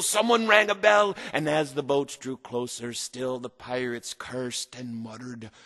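A man's voice: mid-range voice, a bit bright, big-room sound. A man reading a rhyming children's story aloud in a theatrical, sing-song manner.

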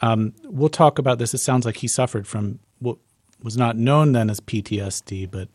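A man's voice: medium pitch, moderate pace, a little mellow, husky, dry recording, studio quality. A man interviewing a guest, asking curious, casual questions. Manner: curious, casual, self-deprecating.

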